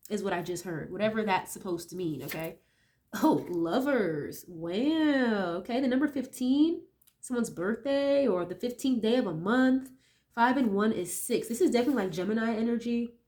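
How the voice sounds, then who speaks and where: A tarot reader with a mid-range, somewhat mellow voice chats easily with viewers while drawing cards. A lingering cold makes her sound nasal, and she thinks out loud, often ending remarks with tag questions.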